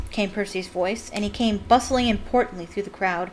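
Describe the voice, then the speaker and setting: A young woman reads a novel aloud at home and breaks off for chatty, joking asides. Her voice sits at a middling pitch, and a faint hiss sits under it. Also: moderate pace. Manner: chatty, jokey, laughs at the text. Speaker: fan reading a book aloud. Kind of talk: casual read-aloud with commentary.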